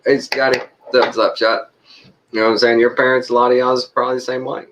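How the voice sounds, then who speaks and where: A man's voice: mid-range voice, flat delivery, fast talker, fairly bright tone, slight background noise, poor audio. A middle-aged Texan man talking to his viewers in a folksy, rambling way, chuckling often. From Texas. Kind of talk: casual monologue to viewers.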